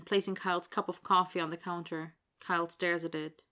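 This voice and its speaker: A woman narrating an audiobook in a steady, wry storytelling manner. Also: fairly low pitch, moderate pace, hardly any pauses, clear, resonant tone.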